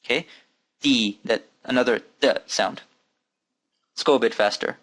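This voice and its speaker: A man with a mid-range, fairly bright voice leads a recorded Arabic reading lesson at a measured pace. Patiently, he repeats the letter sounds over and over and invites students to follow him.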